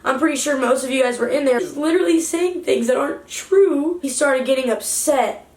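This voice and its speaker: A woman's voice: sits high, brisk, a little mellow. A young woman vlogger giving a heated, indignant storytime rant to the camera. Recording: roomy echo, distant from mic.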